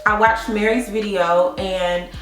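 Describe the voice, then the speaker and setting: A young adult woman vlogging a casual product review, telling her story in an animated, chatty way with frequent laughs and asides to viewers. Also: medium pitch, slow pace. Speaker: beauty vlogger. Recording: roomy, distant mic with faint music.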